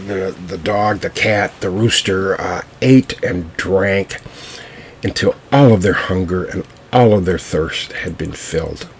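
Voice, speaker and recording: Slow, deep-voiced male storyteller. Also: slight background noise. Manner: unhurried, with fillers and restarts. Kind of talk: told folk tale.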